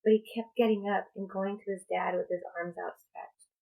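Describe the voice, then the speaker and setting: A woman speaking as a spiritual coach in a personal vlog, talking in a slow, halting, reflective way. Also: medium pitch, fairly even intonation, vocal fry, dark tone, rough recording. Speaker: spiritual coach and tarot reader.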